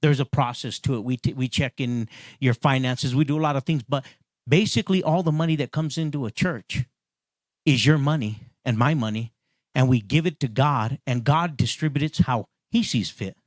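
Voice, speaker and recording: A man's voice: mid-range voice, moderate pace, dry recording, studio quality. A male pastor preaching in a conversational way, restarting phrases and building to emphatic repetitions. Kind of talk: sermon.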